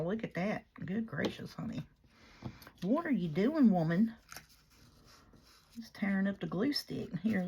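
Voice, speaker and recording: A woman's voice: mid-range voice, a little hiss or hum. A woman chatting casually as she works on a paper craft, folksy and talking to herself and her materials. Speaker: crafting vlogger.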